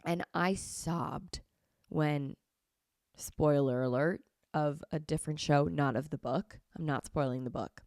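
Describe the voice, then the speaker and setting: In a low, slightly mellow voice and at an unhurried pace, a young podcast host chats casually. She gushes effusively and repeats herself, sounding sniffly from a slight cold, on a dry, studio-quality recording.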